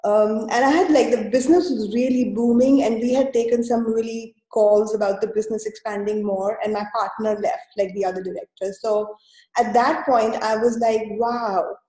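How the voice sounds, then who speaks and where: A woman's voice: fairly high pitch, fairly even intonation, normal speed, dark tone, echoey room, rough recording. A woman guest telling her own story in an interview, hesitant and full of fillers and restarts. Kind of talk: conversational storytelling.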